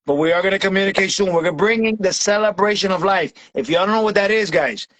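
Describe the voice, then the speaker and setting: High-voiced hyped-up man hosting a stream. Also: fast. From Tampa, Florida. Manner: loud, hyped, shouting bursts, slangy. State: sweating from heat. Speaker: livestream host. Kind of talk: excitable casual livestream chat.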